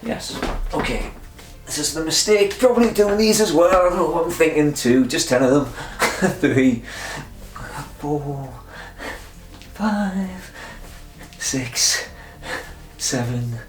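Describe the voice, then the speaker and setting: Recorded in an echoey room with faint music playing, a vlogger mutters to himself through a memory and pull-up challenge, breathless and chuckling at his own expense. His voice sits on the high side, slow and expressive.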